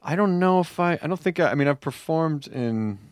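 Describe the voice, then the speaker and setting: A man on a podcast as a comedian guest, talking through his ideas quickly and acting out the people he quotes. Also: a little high, lively intonation, no echo, studio quality. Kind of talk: casual podcast chat.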